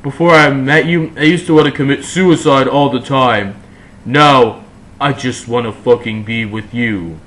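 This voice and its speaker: A man's voice: mid-range voice, fairly even intonation, a little slow, fairly bright tone, natural voice, low-quality recording. A man voicing a lovestruck teenage goth boy who makes overwrought, melodramatic declarations of love.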